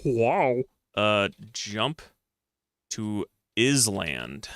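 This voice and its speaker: A man's voice: fairly low pitch, very animated, slow, gravelly, pauses often, pushed and bright, smooth, dry recording, clean studio sound. A man streaming a retro adventure game, reading its text aloud and mocking himself with jokey outbursts.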